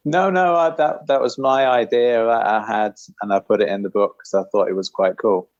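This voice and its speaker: A man chats modestly as a guest author, with laughing asides. His voice is low. The sound is dull and muffled, and dry. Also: steady tone, moderate pace, darkish tone, no room sound. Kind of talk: casual podcast chat.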